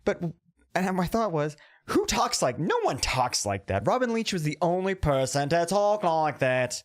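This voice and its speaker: A man's voice: on the high side, big pitch swings, normal speed, dry recording. Rambling, profane male podcast co-host. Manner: rambling, profane, drifts into a put-on posh announcer voice. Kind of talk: casual comedic chat.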